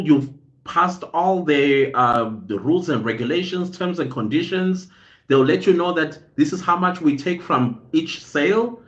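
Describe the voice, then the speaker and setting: A man's voice: medium pitch, fairly bright tone, dull audio. A man hosting a podcast, giving casual advice in a rambling way, often searching for words with ums and uhs. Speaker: podcast host.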